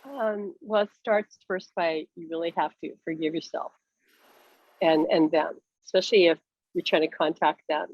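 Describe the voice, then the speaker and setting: A woman speaking as a spiritual medium in a casual talk, telling stories in a lively way and laughing often. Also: lowish voice, breathy edge, no room sound, muffled recording. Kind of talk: casual talk show chat.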